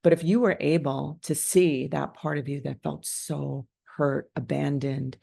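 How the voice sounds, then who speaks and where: A woman speaks on a podcast in an unscripted, conversational monologue. Her voice has a gravelly edge, and she talks candidly and informally, restarting sentences as she goes. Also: deep voice, steady tone, a little slow, warm tone.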